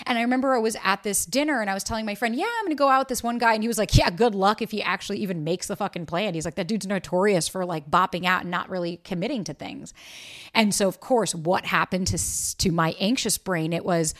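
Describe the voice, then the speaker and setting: A young woman hosting a podcast, telling a personal dating story in a candid, profane way and acting out quoted lines in lively voices. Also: medium pitch, fast. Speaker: podcast host. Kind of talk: casual storytelling monologue.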